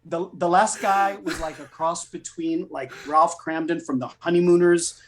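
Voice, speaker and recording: Chatty middle-aged actor telling stories. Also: male voice, fairly high pitch, moderate pace. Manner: chatty, animated, swears freely. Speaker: guest voice actor. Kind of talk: casual storytelling interview.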